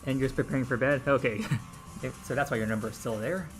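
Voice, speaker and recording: A man's voice: medium pitch, racing, music in the background. A man hosting a game stream in a casual, joking chat with viewers. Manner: lively, joking, talks to chat.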